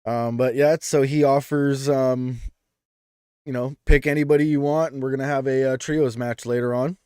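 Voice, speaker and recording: Male co-host, relaxed chatty reviewer, dry mic, mid pitch. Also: moderate pace, smooth, no room sound. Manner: chatty, with many "um"s and restarts. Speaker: podcast co-host. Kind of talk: casual chat.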